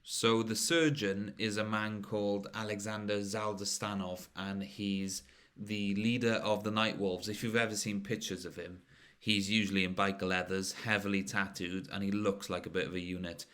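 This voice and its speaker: A man hosting a podcast, calmly filling in background for listeners. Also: fairly low pitch, moderate pace. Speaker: podcast host. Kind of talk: casual interview.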